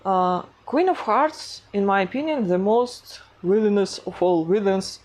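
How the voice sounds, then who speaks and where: Woman with a foreign accent, casual art vlogger, slow, halting, giggly, self-deprecating. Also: medium pitch, darkish tone. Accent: non-native English accent. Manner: hesitant, many fillers, self-conscious giggling. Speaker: animation artist vlogger. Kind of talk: casual vlog narration.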